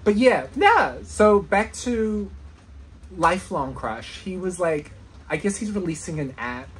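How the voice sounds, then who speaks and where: A woman vlogger chatting casually, enthusiastic and excitable, giggling often. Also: lowish voice, a little slow, slight background noise. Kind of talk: casual vlog chat.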